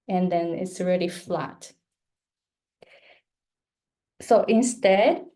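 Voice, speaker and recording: A woman's voice: mid-range voice, dark tone. A Japanese woman with a Japanese accent, a pronunciation coach patiently modeling words in a live lesson. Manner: slow, patient, models words for learners to repeat.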